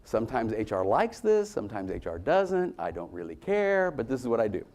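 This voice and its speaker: A man giving a motivational conference talk to a room, swinging between loud emphasis and low asides. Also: big pitch swings, a little fast. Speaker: conference speaker.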